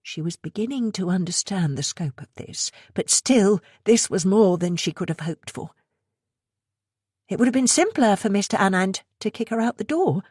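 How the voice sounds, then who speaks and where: A woman narrating a thriller audiobook in a steady, even reading voice. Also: mid-range voice, husky, no echo, studio quality. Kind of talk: scripted narration.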